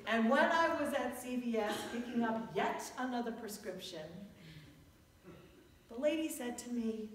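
Slow high-voiced woman pastor preaching. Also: lively intonation, slight background noise. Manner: storytelling with humor, drawn-out emphatic phrases. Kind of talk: sermon. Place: church sanctuary. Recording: echoey church heard from a distance.

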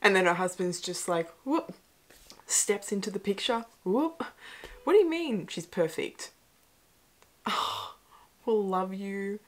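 A woman's voice: mid-range voice, lively intonation, slow pace, pauses often, faint music behind. A young woman hosting a casual movie reaction, chatty and emotional, with whispered asides. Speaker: host.

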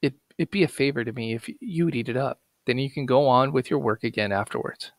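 A man with a gravelly voice reading the part of a grieving housewife, raising his voice a little to plead. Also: mid-range voice, fast, no room sound, lightly acted. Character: grieving housewife, woman, quietly scheming.

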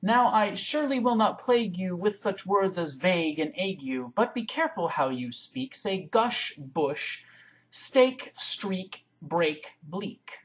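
A woman reading a poem aloud in one take into a webcam, with careful, deliberate, word-by-word recitation. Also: on the low side, animated. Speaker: reader.

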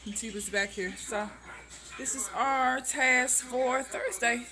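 A woman's voice: high-pitched, measured pace. A woman in her thirties chatting casually through a home vlog, narrating her chores as she goes in her kitchen and laundry room, filmed on a handheld camera. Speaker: family vlogger.

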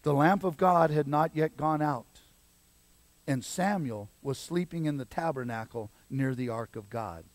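A man preaching a sermon as pastor, swinging between loud exhortation and quiet emphasis. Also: on the high side, measured pace, dry recording.

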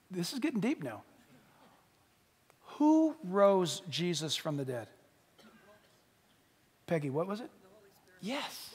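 A man delivers a sermon with a very high voice that leaps around animatedly. He questions the congregation, punches key lines, then drops low for asides. The voice rings with a long hall reverb of a church sanctuary. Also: husky. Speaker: pastor.

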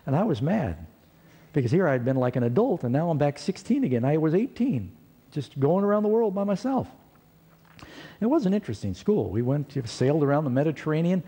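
A male preacher tells a personal story with real animation, his pitch leaping as he acts out what people said. His voice is mellow and a little husky. The sound rings with the long reverb of a large hall. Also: big pitch swings, brisk. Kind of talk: sermon storytelling.

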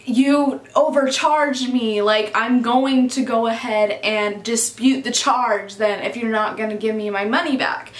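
A fed-up young man insists on his refund in a firm, confrontational voice, as a woman quotes him in a storytime vlog. The voice is fairly high and rings in an echoey room. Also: animated, normal speed, a bit bright.

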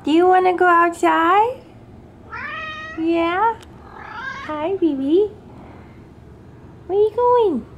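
Young woman, high and very unhurried, doting pet-owner baby talk, cat meows behind. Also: muffled recording, a little hiss or hum. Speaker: vlogger. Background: cat meowing.

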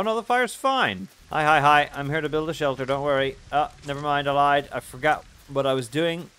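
A man hosting a gaming video, giving playful, self-mocking let's-play commentary that breaks into loud excited yelps. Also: medium pitch, a little hiss or hum. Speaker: gaming channel host.

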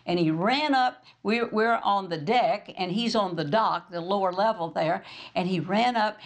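A woman's voice: mid-range voice, vocal fry. A woman minister hosting her program, telling a story as a sermon and acting out the dialogue in it. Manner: animated storyteller, acts out quoted dialogue.

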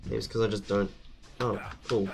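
A man's voice: on the low side, flat delivery, moderate pace, creaky, a little mellow. Jumpy swearing man narrating gameplay. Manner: jumpy, swears at enemies, thinks aloud. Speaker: gameplay commentator. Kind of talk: let's play commentary.

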